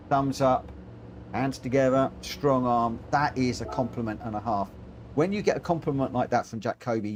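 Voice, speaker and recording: A man streaming online races, giving excitable live commentary and chatting with viewers. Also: medium pitch, slight background noise. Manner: excitable, rising into animated commentary. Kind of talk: live race commentary and chat.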